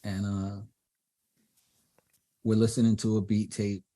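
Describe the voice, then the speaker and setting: A middle-aged man from Brooklyn, telling animated stories as an interview guest and acting out the voices of others. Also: fairly low pitch, slow. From Brooklyn, New York. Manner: animated storyteller who acts out quoted voices. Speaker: DJ and producer guest. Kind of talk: storytelling in a panel interview.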